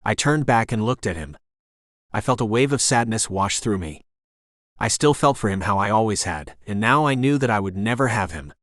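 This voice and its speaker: Measured male audiobook narrator, dry sound. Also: fairly low pitch, lively intonation, fairly bright tone, no room sound. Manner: measured and introspective. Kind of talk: first-person audiobook narration.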